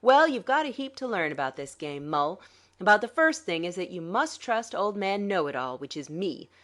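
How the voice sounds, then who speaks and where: A cool, scheming male swindler, voiced by a woman narrator, dry and condescending. The delivery lilts up and down with animated sarcasm. Heard in a dramatic audiobook reading. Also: medium pitch, normal speed. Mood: smug.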